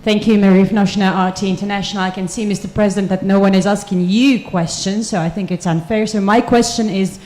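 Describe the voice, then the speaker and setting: Woman, journalist, mellow voice, articulate multi-part question, press conference. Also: medium pitch, fairly even intonation, quick pace, hardly any pauses, slight background noise.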